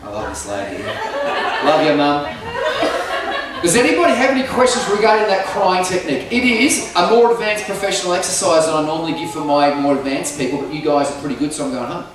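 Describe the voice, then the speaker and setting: A man teaching a live group singing class in a hall full of people shows off sung vocal slides with energy. He speaks fast in a slightly high voice with lively intonation; the audio has background noise, echoey room sound, distant miking, and loud music.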